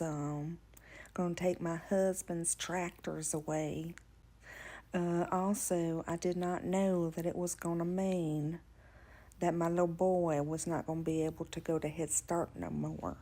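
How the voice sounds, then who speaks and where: A woman giving a halting, plainspoken monologue full of fillers. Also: on the low side, little pitch movement, dark tone.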